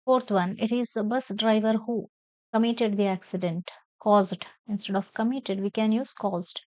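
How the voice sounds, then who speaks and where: A woman's voice: mid-range voice, steady tone, dry recording, muffled recording. A woman teacher with an Indian English accent, giving a classroom pronunciation lesson and spelling words out letter by letter. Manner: repeats words slowly, spells them out letter by letter.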